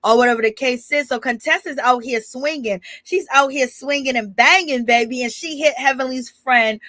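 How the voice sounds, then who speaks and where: A woman hosting a casual gossip recap of a reality show, animated and sassy, acting out quotes and laughing often, chatting to a live audience from home. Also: sits high, moderate pace, no echo.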